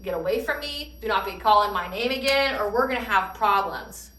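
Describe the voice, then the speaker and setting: A woman's voice: medium pitch, lively intonation, a little fast, pushed and bright, reverberant, distant mic. A woman voicing a fierce, protective grandmotherly ancestor spirit who threatens and swears. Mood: threatening. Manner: threatening, profane.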